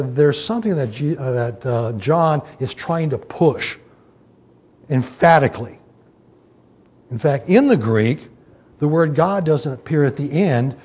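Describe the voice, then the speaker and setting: A man's voice: medium pitch, warm tone, husky. A man teaching a Bible study, explaining the scripture in an emphatic way, with many fillers and restarts.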